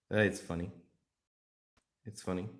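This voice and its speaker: Low-voiced, slow-talking man. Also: a little mellow. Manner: rambling, swears freely, jokey. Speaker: streamer painting miniatures. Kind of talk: casual live-stream chat.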